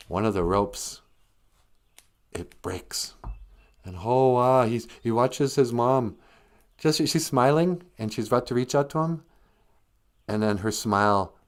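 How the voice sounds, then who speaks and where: A man retelling a story in a casual, comic way, rambling with jokey asides and self-corrections. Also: mid-range voice. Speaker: host, storyteller.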